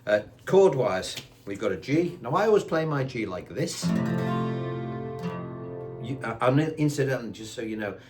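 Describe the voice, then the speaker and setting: A man's voice: medium pitch, animated, normal speed, long pauses. An older man giving a chatty beginner guitar lesson, counting beats aloud as he strums his own guitar. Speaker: guitar teacher. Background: his own acoustic guitar strumming.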